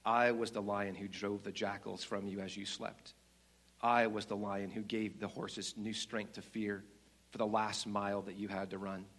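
A man doing a deep, slow, solemn lion. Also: level tone, fairly bright tone. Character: huge wise male lion, calm and solemn.

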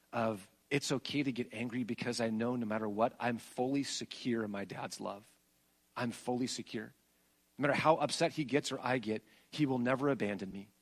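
Middle-aged man preaching with soaring emphasis. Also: medium pitch. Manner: storytelling, swings between soaring emphatic peaks and soft hushed passages. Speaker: pastor. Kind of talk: sermon.

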